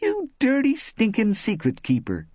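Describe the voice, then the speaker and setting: A man's voice: high voice, huge pitch swings, normal speed, darkish tone, slightly rough, dry recording, clean studio sound, pitched above the performer's own voice, heavily acted. A male narrator voicing Tiger, a brash, gushing woman at a party, with a raised, exclamatory voice. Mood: teasing.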